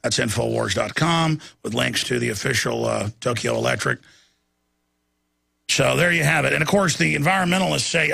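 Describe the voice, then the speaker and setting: A man's voice: fairly high pitch, lively intonation, fairly quick, vocal fry, sharp tone, no room sound. A man hosting a nightly news show, delivering indignant, digressive commentary as he rants.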